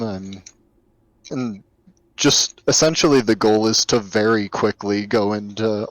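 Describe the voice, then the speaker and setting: A man's voice: lowish voice, slow pace, dry recording, poor audio. A man playing a tabletop game, talking through his moves with hesitation. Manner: hesitant, thinking aloud. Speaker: player.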